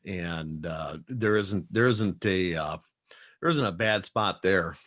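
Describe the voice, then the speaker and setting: A man's voice: deep voice, animated, takes it slowly, a bit bright. A man from South Dakota hosting a podcast interview, chatting in a loose, rambling way and slipping into playful voices. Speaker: podcast host. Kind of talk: casual interview chat.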